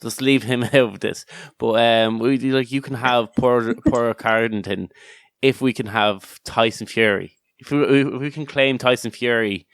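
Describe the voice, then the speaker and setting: A man's voice: mid-range voice, steady tone, unhurried, fairly bright tone, smooth, no room sound, studio quality. An Irish man co-hosting a podcast, chatting casually, rambling and swearing as he tells stories. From Ireland. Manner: rambling, swearing, laughing storyteller. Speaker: podcast co-host. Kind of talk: casual chat.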